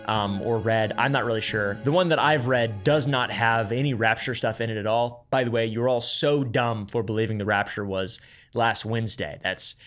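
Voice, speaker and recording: A man narrates a casual explainer in a middle-pitched voice and keeps cutting in with sarcastic, crude asides. Soft music plays low behind him. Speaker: YouTube host.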